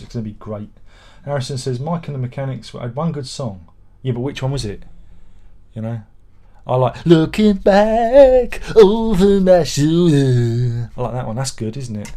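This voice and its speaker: A man's voice: mid-range voice, brisk, dark tone. A middle-aged man chats loosely on a home live stream and reads viewer comments aloud. He rambles from thought to thought with a sardonic, grumbling edge and mock-exasperated asides. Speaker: livestream host reading viewer comments. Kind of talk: casual live-stream chat.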